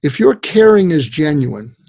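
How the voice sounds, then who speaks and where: With a creaky, slightly high voice and an unhurried pace, an older psychiatrist tells animated stories as a podcast interview guest. He voices the people he quotes, and the audio has no echo.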